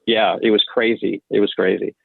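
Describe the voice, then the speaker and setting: A man's voice: fairly low pitch, flat delivery, normal speed, vocal fry, background noise. Easygoing man on a tinny call. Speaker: actor on a fan panel. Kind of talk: casual reminiscing. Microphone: video call. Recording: tinny, dry video-call audio.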